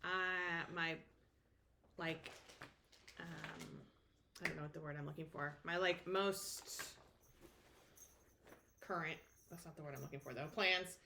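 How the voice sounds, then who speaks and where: A woman's voice: sits low, steady tone, unhurried, gravelly, long pauses, noisy background. A woman co-hosting a casual stitching chat, playful and often searching for words. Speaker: flosstube co-host.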